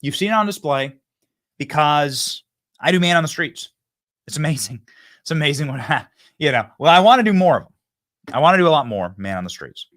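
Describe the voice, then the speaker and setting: A man in his thirties hosts a political commentary show, delivering an animated monologue with emphasis and repetition as he builds to punchy lines, nearly shouting when acting out debate lines. His voice is fairly high with big pitch swings, brisk, with long pauses.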